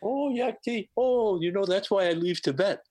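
A man's voice: sits high, normal speed, a little mellow, no echo, voice pushed up. A man doing a giggly elderly monk. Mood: playful. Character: cheerful elderly male monk, playful and gentle.

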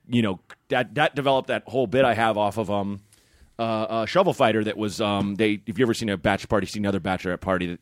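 A man's voice: fairly low pitch, dry recording. A man co-hosting a comedy podcast, telling rambling crude stories in casual banter. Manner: rambling, animated storytelling with crude jokes.

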